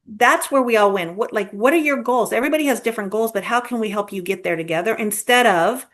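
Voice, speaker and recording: Earnest higher-voiced woman guest. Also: fast, fairly bright tone. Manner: earnest, storytelling with repeated starts. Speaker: guest, real estate agent leader. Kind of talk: conversational interview.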